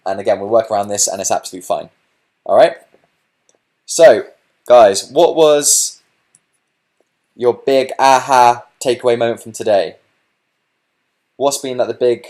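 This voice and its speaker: A man giving a webinar sales pitch as a business coach, pushing viewers to take action and often saying "okay" and "look". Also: unhurried, pauses often, a little mellow. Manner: pushy, repeats "okay" and "look".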